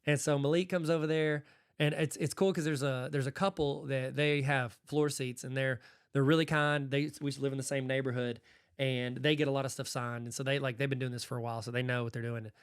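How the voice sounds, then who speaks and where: A man's voice: mid-range voice, brisk, clear, resonant tone. A man from Arkansas hosting a podcast, telling casual stories and acting out the exchanges he describes. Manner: animated, acts out quoted exchanges. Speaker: podcast host. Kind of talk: casual storytelling.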